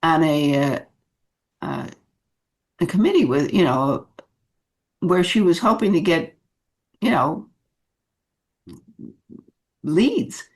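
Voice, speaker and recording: Woman, leadership coach, slow and animated delivery, some filler words. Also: sits low. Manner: unhurried, animated, many fillers. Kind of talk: coaching talk to camera.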